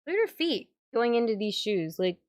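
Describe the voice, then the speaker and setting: A woman vlogging casually as she works on a doll with her hands, chatty and quick to exclaim. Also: a little high, very animated, a little mellow, no echo, studio quality. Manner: chatty, exclaims and laughs while working. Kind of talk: casual hands-on vlog talk.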